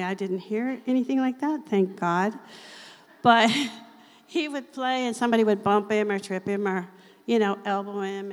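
A woman giving a casual, chatty Bible teaching, laughing often and reading scripture slowly. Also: medium pitch. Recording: long hall reverb.

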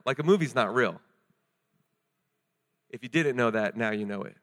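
A young man preaching a sermon in a casual, joking and animated way, with many fillers. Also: a little high, moderate pace, long pauses.

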